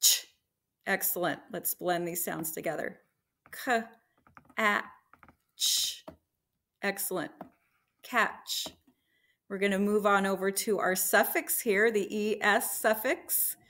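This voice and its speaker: A woman teacher leading a slow, encouraging phonics lesson for young children, sounding out letters and blending words. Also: medium pitch, sharp tone.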